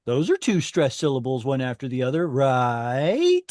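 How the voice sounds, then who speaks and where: A man's voice: mid-range voice, huge pitch swings, moderate pace, a little mellow, dry recording, clean studio sound. Patient man teaching a class. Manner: patient, explains step by step, asks the class questions. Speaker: Hebrew teacher. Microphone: video call.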